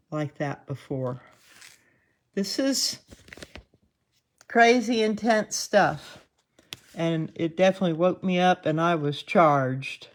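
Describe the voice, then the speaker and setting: A woman with a Southern twang walks her viewers through a live commentary. She talks slowly and unhurriedly, chatty and quick to laugh at herself. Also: low-pitched. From Southern United States. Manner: chatty, laughs often, self-deprecating. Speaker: host.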